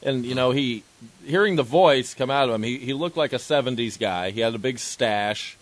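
A man's voice: mid-range voice, moderate pace. A man co-hosting a talk show, hesitant and rambling as he describes what he saw. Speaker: co-host. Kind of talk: casual chat.

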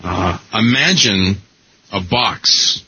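A man's voice: fairly low pitch, lively intonation, very slow, vocal fry, bright, forceful tone, husky. A man hosting a radio show, chatting casually and rambling with laughs and restarts. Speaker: radio host. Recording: muffled broadcast audio.

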